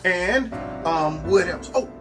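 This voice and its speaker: A man hosting his own show, reacting to clips in a lively, mocking, slangy way. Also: sits high, slow pace, over music. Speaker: show host. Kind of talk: reaction commentary on video clips.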